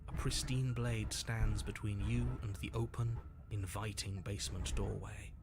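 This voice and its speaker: A man voicing the narrator of a video game, measured and matter-of-fact. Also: fairly low pitch, steady tone, noisy background. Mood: calm.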